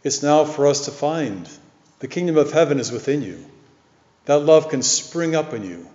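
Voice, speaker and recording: A man preaching a sermon, telling a story in an earnest, measured way. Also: a little high, expressive, darkish tone. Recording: echoey hall, dull lo-fi sound.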